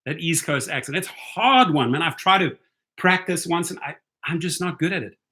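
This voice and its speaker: A man's voice: on the high side, normal speed, bright, forceful tone. A man hosting a casual livestream, chatting with viewers in a loose, talkative way and often tagging his points with "right?". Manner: chatty, keeps asking "right?". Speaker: rideshare channel host.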